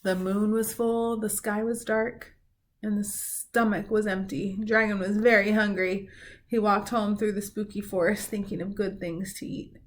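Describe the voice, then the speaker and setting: A woman from a school reading a storybook aloud to students, with animated, chatty asides to the children. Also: mid-range voice, a little slow.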